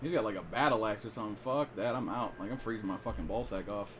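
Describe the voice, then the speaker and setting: A man's voice: fairly low pitch, fast, a bit bright, slight background noise. A young man on voice chat with his gaming team, talking crude trash talk and swearing constantly. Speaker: teammate. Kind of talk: live gameplay chat.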